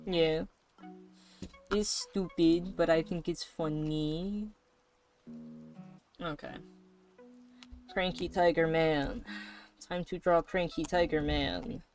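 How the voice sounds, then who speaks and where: A woman's voice: sits low, fairly even intonation, takes it slowly, pauses often, darkish tone. A woman streamer chatting casually and rambling while she draws, swearing now and then. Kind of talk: casual chat while drawing. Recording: faint background music.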